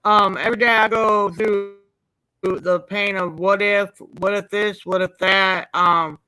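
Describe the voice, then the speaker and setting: A man in an emotional interview, speaking in halting, repeated phrases as he holds back tears. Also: high voice, fairly even intonation, bright, forceful tone, smooth, no room sound, soft background music, low-quality recording. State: near tears.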